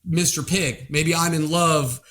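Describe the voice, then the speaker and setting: A man's voice: a little high, steady tone, measured pace, a bit bright. A man from Oklahoma co-hosting a podcast, playful and rambling in casual chat. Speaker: podcast co-host.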